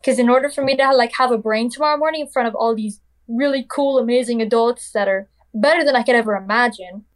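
A woman's voice: a little high, fast. A young woman telling a personal story in a casual, chatty way, full of "like" and "literally", acting out what people said. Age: young adult. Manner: acts out quoted dialogue.

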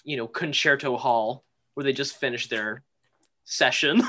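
A man's voice: mid-range voice, a little slow, bright, forceful tone. A man co-hosting a podcast, making dry quips and recapping a dream sequence in casual chat. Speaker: podcast co-host.

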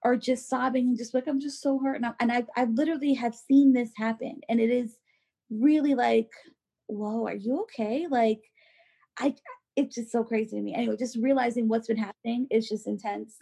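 Gravelly-voiced woman chatting casually. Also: fairly high pitch, brisk. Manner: animated, acts out quoted voices, many fillers. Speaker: podcast co-host. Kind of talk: casual chat.

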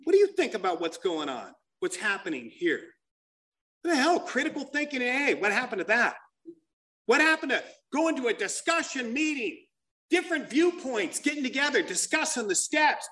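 A man's voice: very high-pitched, normal speed. A man telling blunt, profane stories as he shares with a recovery group. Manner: profane, blunt, animated storyteller. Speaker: speaker sharing at a recovery meeting.

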